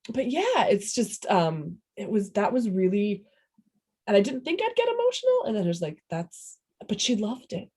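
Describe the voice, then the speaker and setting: Husky rambling Midwestern mother. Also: medium pitch, dark tone. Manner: rambling, self-interrupting, laughs often. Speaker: interviewee, parent. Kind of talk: casual oral history interview.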